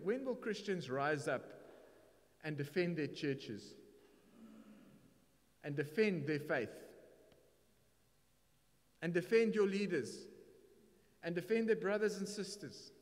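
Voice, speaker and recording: Man, South African accent, fervent sermon, echoing church hall. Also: on the high side. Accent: South African English. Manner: emphatic preaching with rising bursts and Afrikaans asides. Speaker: pastor.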